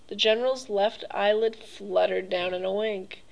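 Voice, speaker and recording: A woman's voice: medium pitch, fairly even intonation, moderate pace, creaky, hardly any pauses, darkish tone, poor audio. Woman narrating an audiobook. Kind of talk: audiobook reading.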